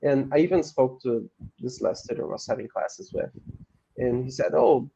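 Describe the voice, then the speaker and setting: A man learning English as a second language, talking in an online lesson with many hesitant pauses. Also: mid-range voice, animated, gravelly, warm tone, highs cut off, slight background noise. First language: not English. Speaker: English student. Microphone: video call.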